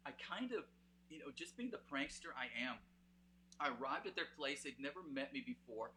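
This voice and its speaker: A man's voice: mid-range voice, bright, forceful tone, a little hiss or hum. A man with a Canadian accent hosts a live music stream in a casual, rambling way. He uses many fillers and talks straight to his viewers. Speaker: host of a live music show.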